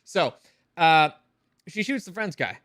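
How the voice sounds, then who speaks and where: A man delivering a ranting review, sarcastic and fed up, with frequent swearing. His voice sits fairly high and sounds bright and forceful. The recording is close and dry. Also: big pitch swings, slow pace, no room sound. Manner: exasperated, sarcastic, swears freely.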